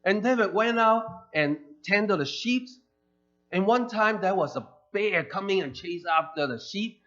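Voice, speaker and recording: Animated preacher man in a church. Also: sits high, unhurried. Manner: animated, acts out quoted characters. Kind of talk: sermon storytelling. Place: church sanctuary. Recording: dull lo-fi church recording with faint music.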